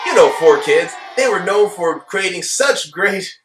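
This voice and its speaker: Young male anime reviewer, higher-pitched, sarcastic and emphatic casual rant, echoey room sound. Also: animated, moderate pace, few pauses, a little hiss or hum. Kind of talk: casual ranting commentary.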